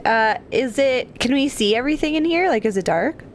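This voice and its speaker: A woman's voice: high voice, expressive, a little fast, a little hiss or hum. Unsure woman player asking questions. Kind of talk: tabletop game chat.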